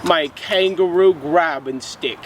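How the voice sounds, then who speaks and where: A goofy, over-the-top Australian bloke, as a man puts on a fake Australian accent for a comic drink review vlog. The voice sits a bit high and leans hard on the slang. Clear traffic noise runs underneath the outdoor recording. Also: slow pace.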